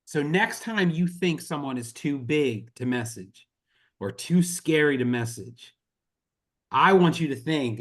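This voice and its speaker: A man's voice: fairly high pitch, expressive, a little slow, fairly bright tone. Earnest impassioned man rallying a team. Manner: earnest, impassioned, repeats "y'all". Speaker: network marketing team leader. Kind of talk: motivational talk on a group call.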